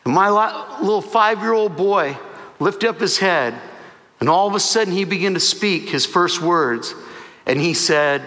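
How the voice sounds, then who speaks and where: A man's voice: sits high, expressive, measured pace, pushed and bright. A man preaching, telling a personal testimony with emotional storytelling and quoted dialogue. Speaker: pastor. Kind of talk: sermon testimony. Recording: hall reverb.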